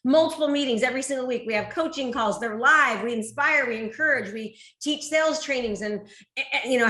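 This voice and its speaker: A woman's voice: high-pitched, bright, forceful tone. A woman hosting an interview, effusive and upbeat as she talks about coaching and support. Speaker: host and real estate coach. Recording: echoey room.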